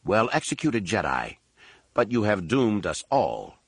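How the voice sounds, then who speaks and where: A man's voice: fairly low pitch, very animated, a bit bright, husky, dry recording, exaggerated voice. A man voicing a grim, fatalistic male alien commander in an audiobook. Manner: grim, measured.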